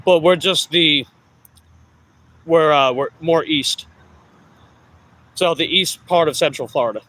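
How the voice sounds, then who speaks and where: A man's voice: a little high, takes it slowly, fairly bright tone, low-quality recording. A middle-aged man with a Long Island New York accent chatting casually with viewers while out on delivery, rambling and correcting himself. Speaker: delivery rider vlogger. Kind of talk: casual chat answering live viewers.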